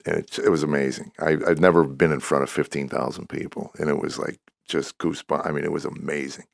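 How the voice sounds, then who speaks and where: Gravelly-voiced man in his sixties telling stories. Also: rumbling low, fast, no room sound, clean studio sound. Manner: animated storyteller who acts out quoted dialogue. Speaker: comedian guest. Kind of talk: storytelling in a podcast interview.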